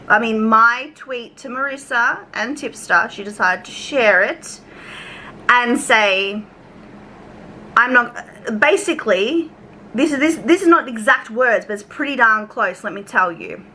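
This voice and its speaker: A woman's voice: on the high side, lively intonation, slow, bright, forceful tone, slight background noise, rough recording. A young Australian woman telling a casual storytime rant to her viewers, chatty and swearing freely as she acts out exchanges. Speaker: YouTube commentary creator.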